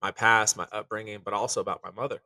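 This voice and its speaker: Earnest guy, bright pushy voice, kinda far from the mic, dry room, lots of "like" and "you know". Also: fairly low pitch, fairly even intonation, fast talker, dry recording. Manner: earnest and reflective, many fillers. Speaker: chef. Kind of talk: candid podcast conversation.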